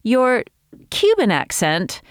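A woman's voice: on the high side, wildly swooping pitch, slow, smooth. A woman co-hosting a podcast, teasing and laughing often. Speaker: podcast co-host. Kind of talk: casual podcast chat.

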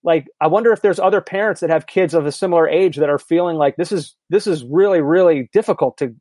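A man's voice: on the high side, quick pace, a little mellow, no room sound. A man in his thirties co-hosting a podcast, talking candidly and rambling a little as he chats. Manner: candid, rambling, self-deprecating. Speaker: podcast co-host. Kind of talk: casual chat.

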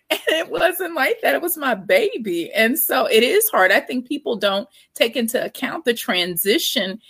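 A woman's voice: a little high, fairly bright tone, husky, dry recording. A woman in her forties, a guest author and parent, talking candidly in a casual interview. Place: Texas.

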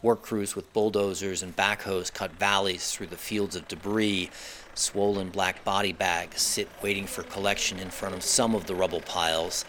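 A male foreign correspondent narrating a scripted news report from the field in a measured, somber way. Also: low-pitched, fairly even intonation, fairly bright tone, a little hiss or hum.

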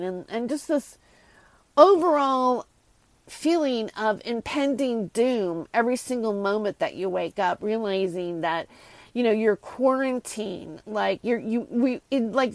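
Femme jeune, voix un peu aiguë, monologue agacé et décousu, prise très sèche. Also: female voice, on the high side, animated, measured pace, no room sound. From United States. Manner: frustrated, rambling, many restarts and asides. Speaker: vlogger. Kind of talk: casual ranting monologue to viewers.

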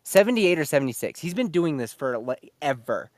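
A man's voice: on the high side, a little fast, no echo, clean studio sound. A man telling a story in casual, profane chat, laughing as he goes. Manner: profane, laughing, animated retelling.

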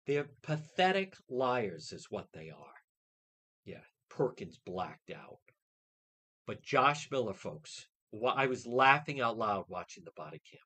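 A man hosting a radio talk show, ranting indignantly and mocking others' words in quick put-on quotes. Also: mid-range voice, sing-song, sharp tone, husky.

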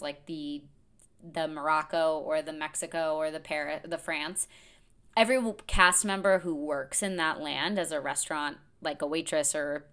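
A woman's voice: lowish voice, fairly bright tone, clear, resonant tone. A woman in her thirties talking through a casual, enthusiastic podcast monologue, with a lot of filler words. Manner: chatty, enthusiastic, many fillers. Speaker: podcast host.

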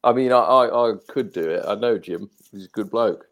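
A man's voice: lowish voice, moderate pace. A man from England co-hosting a football podcast, relaying news wryly in casual talk. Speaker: podcast co-host.

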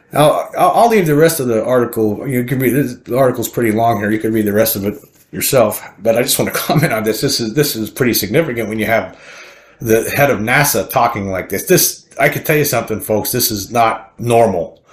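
Male commentator, mid-range voice, excited and insistent, recorded in an echoey room. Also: mid-range voice, fairly quick. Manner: emphatic, excited, repeats words while building a point. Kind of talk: reading an article aloud and commenting. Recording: roomy echo.

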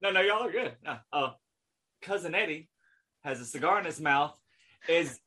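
A man's voice: on the high side, moderate pace. A man, chatting casually on a podcast and acting out movie lines as he tells them. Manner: animated storyteller, acts out movie lines. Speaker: podcast co-host. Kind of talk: casual chat.

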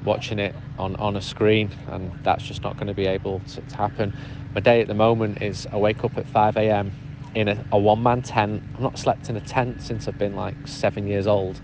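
A man with a fairly low voice talks through a casual, easygoing update. He was recorded outdoors, and faint road traffic sits under his voice. He tells his story in a relaxed, chatty way. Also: low-quality recording. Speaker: podcast contributor sending a voice update.

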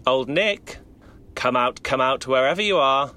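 A man's voice: fairly low pitch, expressive, unhurried, a bit bright. A man voicing a menacing horned Krampus disguised as a townsman, purring and taunting.

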